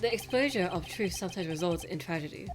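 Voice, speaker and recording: A woman voicing a cool, composed young male prosecutor who speaks in a measured, formal way, over game music. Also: fairly low pitch, expressive, lightly acted.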